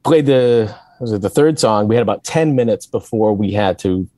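Animated man telling a tour story. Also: fairly low pitch, moderate pace, no room sound. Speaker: guest musician. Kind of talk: casual podcast storytelling.

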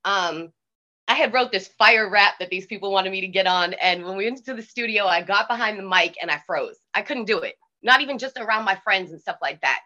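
A woman with a Boston accent, a DJ telling stories in a casual interview, animated and swearing freely. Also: mid-range voice, a little fast, dull audio. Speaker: DJ guest.

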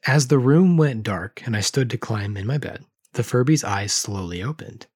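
A man's voice: medium pitch, expressive, normal speed, a little mellow, slightly rough, no room sound, clean studio sound. A man co-hosting a podcast, reading a spooky story aloud and then chatting casually. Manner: dramatic storytelling, drops to a whisper for spooky bits. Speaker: podcast co-host.

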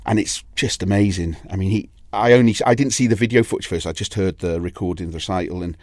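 A man's voice: low voice, fast talker, a little mellow, no room sound, clean studio sound. A Welsh man, a DJ and label owner, chatting in an interview and telling long anecdotes with many restarts. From Wales. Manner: rambling anecdotal storytelling, frequent restarts. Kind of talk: casual interview chat.

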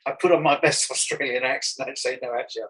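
A man from Birmingham with his regional accent and a slightly husky, breathy voice, telling a winding story in a relaxed interview. He restarts phrases often and chuckles along. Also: medium pitch, fairly quick, rough recording. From Birmingham, England. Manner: rambling anecdotal storyteller with frequent restarts and chuckles. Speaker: artist guest.

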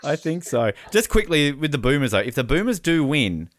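A man hosting a casual sports podcast, with jokey, excitable live commentary. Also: fairly high pitch, normal speed, no echo, clean studio sound. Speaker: podcast host.

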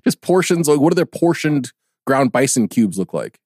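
This man's voice swings widely in pitch as he chats with his co-host on a podcast. He teases playfully and laughs easily. The recording is close and dry. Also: big pitch swings, moderate pace, darkish tone, no echo. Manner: laughs often, playful teasing. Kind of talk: casual chat.

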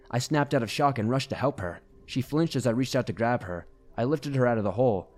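A man reading a first-person horror story aloud in a steady, grave storytelling manner. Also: medium pitch. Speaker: narrator. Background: faint music.

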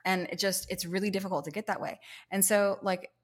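A woman's voice: medium pitch, level tone, a little fast, husky. A woman guest on a casual podcast, telling stories in a chatty way with lots of "like" and acted-out quotes. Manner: chatty storyteller, heavy use of "like", acts out quotes. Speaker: guest denim expert.

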